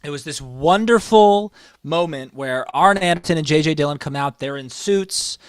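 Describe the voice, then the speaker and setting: Excited man telling wrestling stories. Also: normal speed, smooth, dry recording. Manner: enthusiastic storytelling, rises in pitch when excited. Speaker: podcast co-host. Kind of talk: casual wrestling podcast chat.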